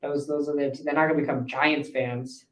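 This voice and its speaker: Young male podcast co-host, a touch high-pitched, chatty and easygoing, heard in an echoey room. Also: level tone, moderate pace. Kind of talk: casual sports chat. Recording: echoey room, mic at a distance.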